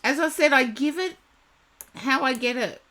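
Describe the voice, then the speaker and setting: A woman reading tarot live for viewers, chatty and reassuring, talking to them by name, her voice going a little hoarse. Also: sits high, normal speed, bright, forceful tone. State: losing her voice. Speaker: tarot reader.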